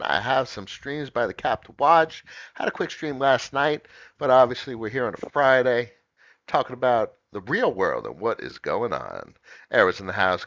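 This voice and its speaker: Animated, emphatic man streaming live. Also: mid-range voice, no echo, dull audio. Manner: greets chat viewers by name. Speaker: livestream host. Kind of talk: casual livestream monologue.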